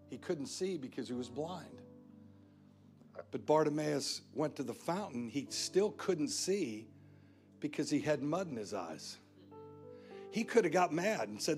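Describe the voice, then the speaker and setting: A man preaching a sermon as guest pastor, emphatic and repetitive, driving points home again and again. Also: high-pitched. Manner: emphatic preaching with repeated phrases. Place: church.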